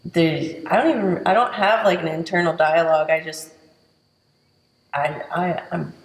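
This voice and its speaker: A woman's voice: lowish voice, steady tone, normal speed, a little hiss or hum. Woman, chill and short answers, echoey gym sound. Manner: laid-back, short plain answers. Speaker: guest. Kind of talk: casual chat. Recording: roomy reverberant hall.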